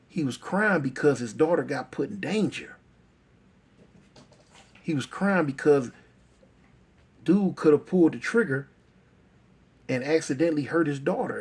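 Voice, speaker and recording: Brief: male storyteller, gravelly husky voice, talks plain and repeats for effect. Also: a little high. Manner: repetitive, conversational, emphatic. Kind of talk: oral street storytelling.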